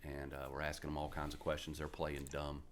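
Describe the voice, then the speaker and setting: Low-voiced West Virginia man, 40s, gruff profane raconteur, podcast guest. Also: brisk, noisy background. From West Virginia, USA. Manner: blunt, profane, animated storyteller. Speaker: podcast guest, retired Marine. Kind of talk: casual interview storytelling.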